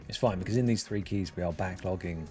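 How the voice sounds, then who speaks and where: Casual male game streamer, deep and relaxed, chatting with viewers over faint game music. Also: fast talker. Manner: chatty, answers chat while playing. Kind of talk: casual livestream chat.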